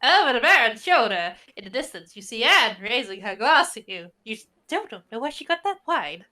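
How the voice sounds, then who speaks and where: A woman's voice: fairly high pitch, big pitch swings, normal speed, sharp tone. A woman narrating a tabletop game as game master with wry, playful narration.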